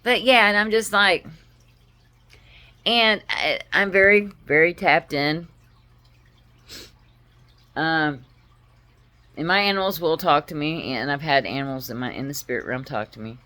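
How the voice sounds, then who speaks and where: A woman with a notably low voice talks straight to camera in a personal vlog. She speaks in a heartfelt, halting way, pausing and restarting as she tells her story. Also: pushed and bright. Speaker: vlogger.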